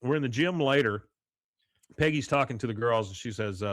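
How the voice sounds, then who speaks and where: A man's voice: medium pitch, brisk, no echo, studio quality. Laughing man recapping a cartoon episode. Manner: animated retelling, reads out quotes with laughs. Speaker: podcast host. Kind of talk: casual chat recapping an episode.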